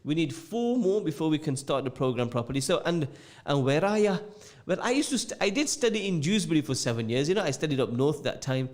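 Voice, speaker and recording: Chatty radio host with mixed English accent. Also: male voice, fairly high pitch, sing-song, fast, hardly any pauses. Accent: mixed northern English and London. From England. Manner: chatty and jokey, repeats phrases. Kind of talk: casual radio chat reading listener messages. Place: radio studio.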